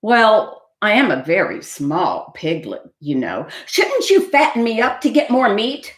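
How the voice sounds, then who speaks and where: A small, crafty male piglet who sighs and politely wheedles in a raised, childlike voice, as a woman reads him aloud. The storybook delivery is slow and swings widely in pitch. It sounds in an echoey room. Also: huge pitch swings. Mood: wheedling. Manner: high, sighing, wheedling.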